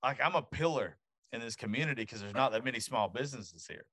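A man's voice: mid-range voice, quick pace, husky, no echo, studio quality. A man hosting a podcast, telling blunt, profane stories about his daughter in a casual chat. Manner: profane, animated storyteller. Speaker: podcast host.

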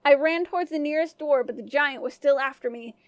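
A woman with a high voice narrates a folk tale in scripted first person, speaking evenly, clearly and fairly quickly with no room sound.

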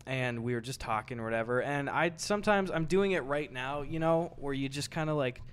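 A man's voice: mid-range voice, fairly quick, clean tone. Swearing man telling a story. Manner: swearing storyteller, acts out quotes. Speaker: podcast co-host. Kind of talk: casual chat.

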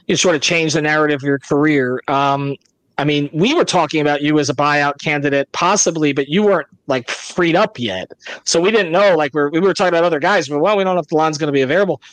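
A man's voice: fairly high pitch, no room sound. A man hosting a casual podcast interview, asking long, rambling questions with stammering restarts. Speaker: podcast host.

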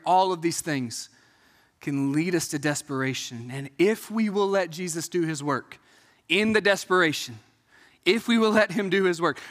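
A man preaching a Sunday sermon in a church, earnest and emphatic, rising to loud peaks and falling to quiet, intimate passages. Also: high-pitched. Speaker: pastor. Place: church sanctuary. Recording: long hall reverb.

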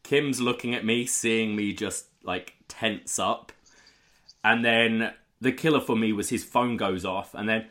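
A man's voice: fairly low pitch, a little slow. A man hosting a casual podcast, telling stories with energy. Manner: energetic storyteller, lively. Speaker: podcast host.

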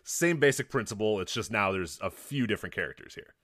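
A man co-hosting a podcast, easygoing and quick to laugh in casual chat. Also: lowish voice, lively intonation, fairly bright tone, no room sound, studio quality. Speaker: podcast co-host.

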